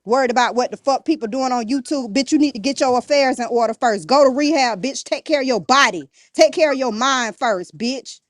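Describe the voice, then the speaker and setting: A woman's voice: high voice, fairly quick, hardly any pauses, dry recording, studio quality. A woman guest on a podcast, ranting bluntly and defiantly, cursing and throwing insults nonstop. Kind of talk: heated rant in an interview.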